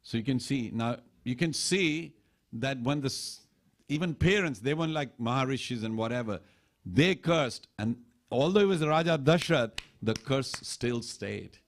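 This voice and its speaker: A man giving a sermon at a temple, telling scripture stories in an animated preaching manner. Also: moderate pace. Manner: animated storytelling preacher, quoting lines with shifts in pitch. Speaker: temple speaker. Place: temple hall.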